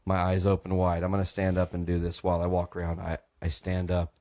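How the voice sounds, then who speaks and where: A young podcast host tells a rowdy story on a comedy podcast in a low-pitched, darkish voice, talking fast with a completely flat delivery. He still acts out voices, swears freely and laughs often.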